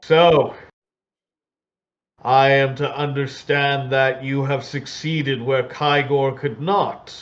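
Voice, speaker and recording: A man's voice: medium pitch, fairly even intonation, takes it slowly, muffled recording, lightly acted. A man playing a grizzled, commanding captain. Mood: stern.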